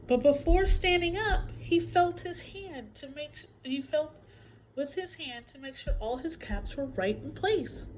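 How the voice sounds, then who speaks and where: A woman reading a storybook aloud to children, slow and unhurried, her voice swooping high and low with lots of expression. She lets some words fall to a whisper, and a faint hum sits under the recording. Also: low-quality recording. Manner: expressive, playful, drops to whispers. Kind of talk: children's picture-book read-aloud.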